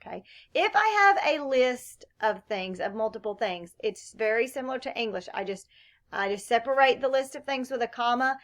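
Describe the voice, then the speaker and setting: A woman's voice: a little high, animated, moderate pace, a bit bright. A woman teaching a recorded Spanish lesson, explaining question types and modeling example phrases with a rising question inflection. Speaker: Spanish instructor. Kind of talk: recorded lecture.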